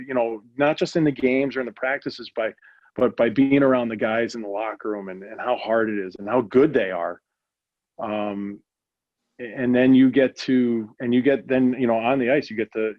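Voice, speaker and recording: A man's voice: fairly low pitch, no echo. Middle-aged man telling stories, lo-fi. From United States. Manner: rambling, many restarts and fillers. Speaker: guest, hockey executive. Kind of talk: casual storytelling interview.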